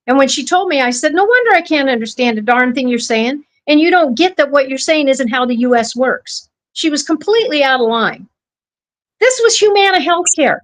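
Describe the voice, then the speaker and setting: A woman's voice: high voice, lively intonation, brisk, rough recording. A woman co-hosting a podcast, ranting fiercely and swearing as she talks straight to listeners. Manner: fiery, ranting, swears, addresses listeners as folks. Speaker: podcast co-host. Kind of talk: impassioned podcast talk.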